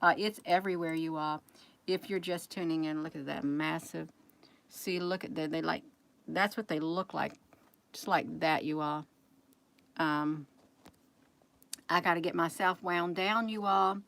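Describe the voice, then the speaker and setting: Chatty woman with a lowish voice. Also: steady tone, unhurried, gravelly, long pauses, a bit bright. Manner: rambling, chatty, keeps addressing viewers as "you all". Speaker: livestream host talking to her chat. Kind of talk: casual livestream chat.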